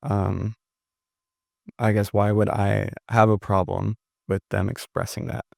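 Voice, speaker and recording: Low, gravelly, hesitant male host. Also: flat delivery, a little slow, darkish tone, dry recording, studio quality. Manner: hesitant, searching, many fillers. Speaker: podcast host. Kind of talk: interview questions.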